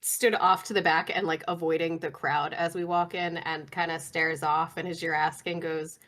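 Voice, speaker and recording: Woman, tabletop player, hesitant, lowish pitch. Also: flat delivery, moderate pace, a bit bright. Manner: hesitant, descriptive. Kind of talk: casual tabletop chat.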